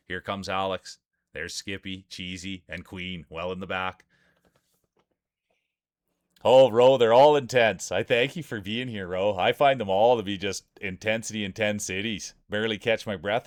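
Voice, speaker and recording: Low smooth voiced guy doing hype sports announcer calls for marble races on stream, dry close mic. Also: fairly bright tone, no echo. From Canada. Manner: hyped announcer patter, chatting with viewers. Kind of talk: playful sports-style race commentary.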